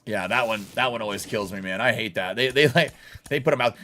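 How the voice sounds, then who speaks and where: A man's voice: mid-range voice, a little fast, bright, forceful tone. A young adult man live streaming a baseball video game, chatting bluntly and casually with his viewers and laughing often. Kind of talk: live gaming stream chat.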